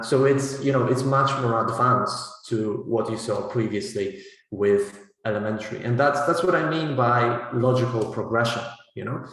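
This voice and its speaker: A man giving a teacher-training talk on pronunciation, explaining step by step and checking in with "right?" and "you know". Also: medium pitch. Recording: very echoey large hall.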